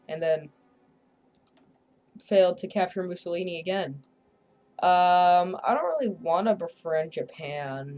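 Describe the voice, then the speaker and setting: A woman's voice: fairly low pitch, a little mellow. Woman rambling thru a strategy game, jokey and self-deprecating. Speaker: gameplay video creator. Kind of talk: casual gameplay commentary.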